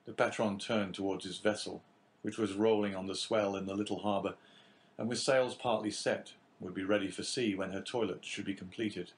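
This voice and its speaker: A man narrating a classic novel as an audiobook in a measured, even reading. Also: fairly low pitch.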